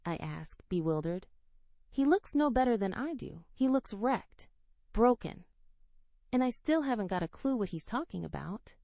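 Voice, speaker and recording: Expressive woman reading a romance story. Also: medium pitch, moderate pace, creaky, dry recording. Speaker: audiobook narrator. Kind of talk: first-person romance narration.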